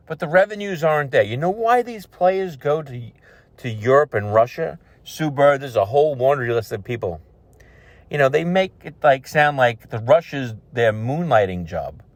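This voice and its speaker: A man's voice: mid-range voice, expressive, moderate pace, dry recording. A man hosting an opinion show, ranting bluntly and sarcastically about a news story. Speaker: show host. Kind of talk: opinion commentary.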